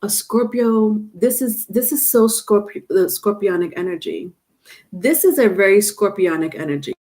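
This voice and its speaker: A woman's voice: mid-range voice, lively intonation, moderate pace, darkish tone. Chatty woman tarot reader. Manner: chatty, repetitive, laughs often. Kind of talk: live-stream reading and chat.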